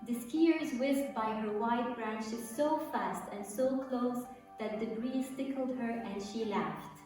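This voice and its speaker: A woman's voice: on the high side, slow. Woman storyteller, far off, echoey. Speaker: teacher reading a story. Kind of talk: storybook narration. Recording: echoey room, far from mic, faint music.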